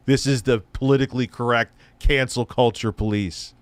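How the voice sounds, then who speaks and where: A man's voice: medium pitch, steady tone, normal speed, fairly bright tone, no room sound. A man hosting a casual reaction stream, profane and mocking. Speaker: host.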